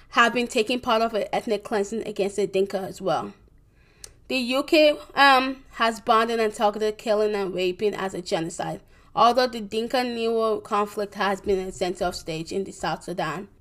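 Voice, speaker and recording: A young woman giving a presentation, reading from her notes haltingly, with many restarts, corrections and fillers. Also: mid-range voice, a bit bright. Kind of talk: reading a school presentation on world events.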